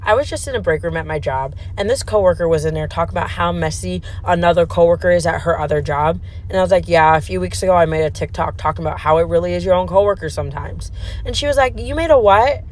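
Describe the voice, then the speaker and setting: A woman's voice: fairly low pitch, fast talker, slight background noise, rough recording. A woman casually retelling a workplace story and acting out the dialogue. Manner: animated retelling, acts out dialogue. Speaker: social media storyteller.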